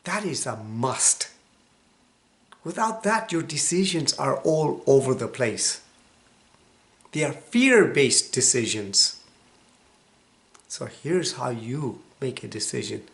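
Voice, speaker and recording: A man in his sixties with a cold-roughened, hoarse voice, giving an emphatic motivational self-help talk that sometimes drops to a hushed whisper. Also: mid-range voice, sing-song, takes it slowly, long pauses. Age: 60s. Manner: emphatic preaching, dropping to a hushed whisper for stress. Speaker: motivational vlogger.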